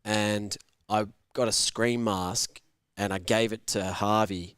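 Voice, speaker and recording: Animated storyteller man with a smooth voice. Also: on the low side, slow, no room sound, studio quality. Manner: animated, swearing, shouts out voices in his stories. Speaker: host. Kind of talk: casual storytelling on a live sports watch-along.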